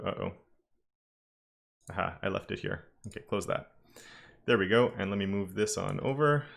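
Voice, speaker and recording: A man's voice: lowish voice, vocal fry, fairly bright tone. Casual man teaching code live. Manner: casual, thinking aloud with self-corrections. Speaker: web development instructor. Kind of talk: live-streamed coding lesson.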